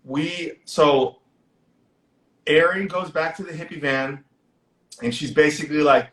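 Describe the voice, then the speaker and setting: A man hosting a casual movie discussion on a livestream, animated and profane as he retells scenes. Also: fairly high pitch, a little slow, pauses often, echoey room. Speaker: podcast host.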